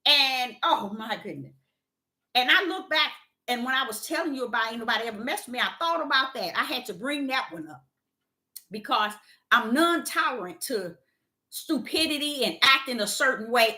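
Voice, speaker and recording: A middle-aged woman, telling a workplace story in a casual, animated vlog with loud acted-out quotes. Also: high voice, moderate pace. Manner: animated, exclaiming, acts out quotes loudly.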